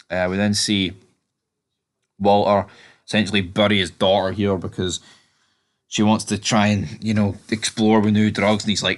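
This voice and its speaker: A man's voice: on the low side, normal speed. A young man giving a casual, rambling recap of a TV episode, full of fillers and restarts. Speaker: TV episode reviewer.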